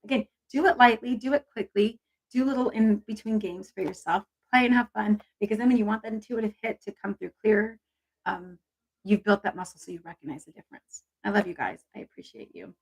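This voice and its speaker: A woman, an intuitive reader, hosts a casual livestream in a medium-pitched, brisk, gravelly and husky voice. She speaks affectionately and chattily to her viewers about intuition.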